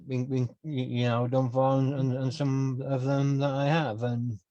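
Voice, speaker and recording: A man's voice: medium pitch, little pitch movement, measured pace, warm tone, dry recording, muffled recording. Hesitant man, dry close sound. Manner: hesitant, many fillers and restarts. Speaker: interviewer, author and poet. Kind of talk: casual conversational interview.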